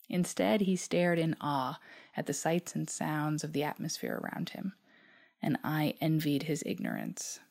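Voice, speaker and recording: Low, gravelly woman reading softly. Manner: soft, measured and reflective, at times close to a whisper. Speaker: author reading her own reflection. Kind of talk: reading a personal reflection aloud.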